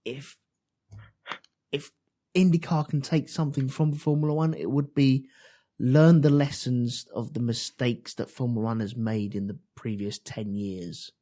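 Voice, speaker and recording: A man co-hosting a casual podcast chat, animated and prone to swearing. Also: mid-range voice, measured pace. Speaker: podcast co-host.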